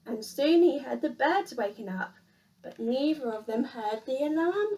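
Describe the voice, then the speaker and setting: A woman reading a children's picture book aloud in an expressive, sing-song storyteller manner. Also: high-pitched, a little slow, recorded from a distance.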